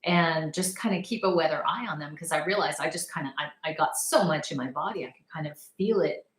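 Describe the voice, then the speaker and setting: A woman's voice: low voice, fairly quick, reverberant, rough recording. A woman telling a personal story in a casual, rambling way. She laughs often and acts out her past reactions. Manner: chatty, rambling, laughs often, animated retellings. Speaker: vlogger sharing personal experience.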